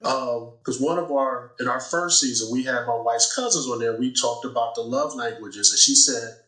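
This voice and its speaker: A man's voice: mid-range voice, moderate pace, sharp tone, roomy sound, low-quality recording. A man hosting a podcast in casual chat, affirming his guest and retelling stories with quotes. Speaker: podcast host.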